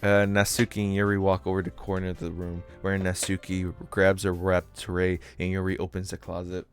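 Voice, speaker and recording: A man's voice: sits low, monotone, a little fast, faint music behind. A man streaming a visual novel, reading it aloud with joking, swearing asides.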